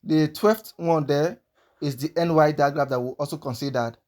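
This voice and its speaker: A man teaching a language lesson, working through a list of sounds and repeating each example slowly several times. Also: on the high side, darkish tone.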